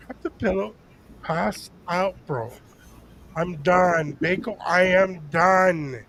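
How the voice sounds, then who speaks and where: Gravelly animated storyteller guy. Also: high-pitched, measured pace. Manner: animated storyteller acting out quotes. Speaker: podcast co-host. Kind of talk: casual storytelling chat.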